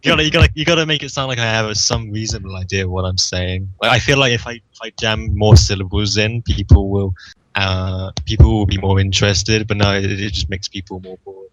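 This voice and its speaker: A man's voice: on the low side, fairly quick, a bit bright, no echo, lo-fi sound. A young man co-hosting a podcast in casual chat, stumbling and repeating his words. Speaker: podcast co-host.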